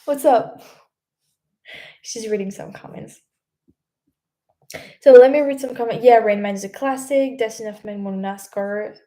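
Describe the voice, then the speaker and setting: A woman's voice: on the high side, a little slow, long pauses, dark tone. A young French woman hosting a casual livestream, reading out viewer comments, chatty and laughing often, with many fillers and restarts. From France.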